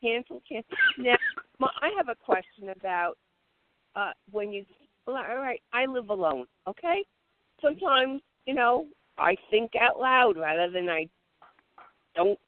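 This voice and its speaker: Lively questioner on a tinny line. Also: medium pitch, measured pace, no echo. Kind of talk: casual chat. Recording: tinny phone-like sound, dry.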